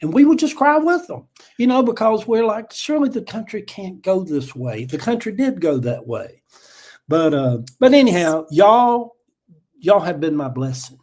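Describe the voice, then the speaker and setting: Big pitch swings mark this older man's high-pitched, darkish voice as he hosts a relaxed live chat at normal speed. His storytelling is folksy and emotional, and he calls the audience y'all.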